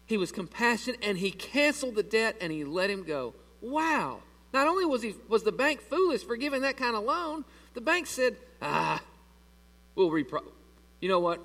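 A man preaching a sermon to his church, animated and asking the congregation questions as he reads through scripture. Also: extremely high pitch, normal speed, few pauses. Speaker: pastor. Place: church sanctuary. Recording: long reverb of a large hall.

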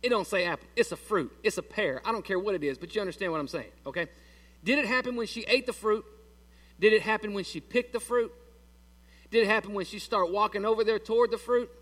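Folksy high-voiced preacher. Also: male voice, fast talker, fairly bright tone, recorded from a distance. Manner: folksy, conversational, asks the congregation questions. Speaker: pastor. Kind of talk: sermon.

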